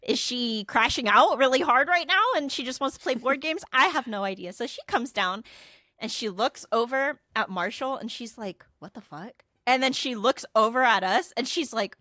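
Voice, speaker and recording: Animated woman telling a story, dry sound. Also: fairly high pitch, moderate pace, dry recording. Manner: animated, swearing, acting out quotes. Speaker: podcast co-host. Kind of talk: casual storytelling chat.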